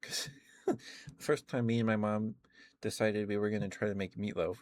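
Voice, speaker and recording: A hoarse young man chatting casually on a stream, rambling with lots of fillers. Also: fairly low pitch, fairly even intonation, normal speed, darkish tone, no echo, clean studio sound. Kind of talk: casual chat.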